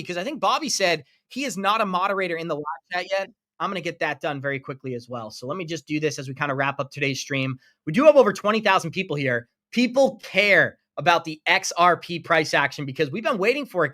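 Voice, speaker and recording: A man's voice: high voice, sharp tone. A man hosting a crypto live stream, upbeat and effusive as he thanks viewers by name for their donations. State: running out of breath. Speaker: crypto livestream host.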